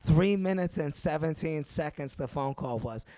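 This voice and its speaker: A man and comedian telling stories in casual chat, animated and laughing through his own tales. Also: a little high, moderate pace, no echo.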